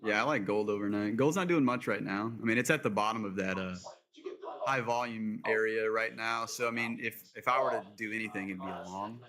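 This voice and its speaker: A man's voice: fairly low pitch, a little fast, crowd noise. A man co-hosting a trading stream from his desk, casually explaining his chart levels with frequent fillers. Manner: relaxed, explains setups, frequent um and like. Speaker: co-host trader. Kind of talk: casual live market commentary. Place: home trading desk with monitors.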